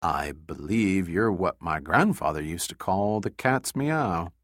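A man's voice: low-pitched, lively intonation, takes it slowly, a bit bright, dry recording, clean studio sound, voice pushed down, full character voice. A man voicing a wry, amused adult man speaking dryly.

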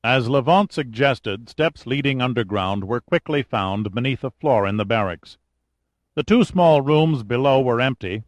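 A man narrating an audiobook in a steady, even reading voice. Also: mid-range voice, no room sound.

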